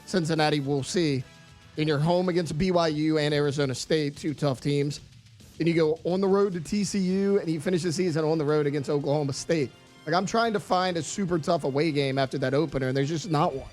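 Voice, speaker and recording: Higher-voiced man breaking down a schedule. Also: a little fast, a little mellow, soft background music. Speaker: sports radio co-host. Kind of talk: casual sports talk.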